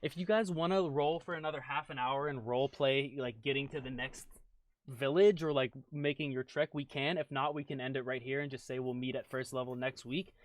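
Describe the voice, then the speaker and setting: A man's voice: medium pitch, fairly even intonation, a little fast, no room sound. A man running a tabletop game, talking casually and upbeat, often repeating himself. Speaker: game master. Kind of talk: wrapping up a tabletop game session.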